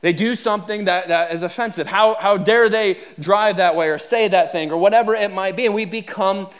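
A male pastor leading a prayer and preaching a sermon, earnest and often restarting his phrases as he builds to animated emphasis. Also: high-pitched, fairly quick.

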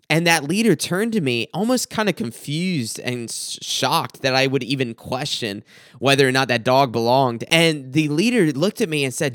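A man's voice: fairly high pitch, lively intonation, normal speed, a bit bright, no room sound, clean studio sound. A young adult man, a student pastor, telling a personal dream story in a hesitant way, often restarting and repeating words.

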